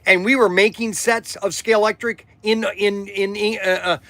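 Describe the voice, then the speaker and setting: A man's voice: high-pitched, fairly even intonation, normal speed, pushed and bright, dry recording. An older man hosting a show, telling a long personal story in a rambling, emphatic way that repeats itself, getting emotional at times. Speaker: podcast host. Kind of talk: casual storytelling.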